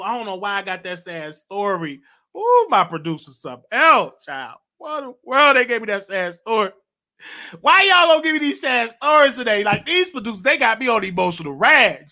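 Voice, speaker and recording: A talk show host with a very high voice gives animated, emotional commentary on celebrity news. He draws out his phrasing and laughs as he goes.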